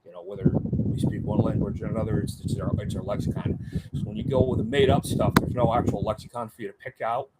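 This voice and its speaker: Heavy background noise surrounds a fast, gravelly, lowish male voice. He's a chatty middle-aged veteran guest with a plain everyday sound, rambling through casual interview stories with many fillers and quoted voices of others.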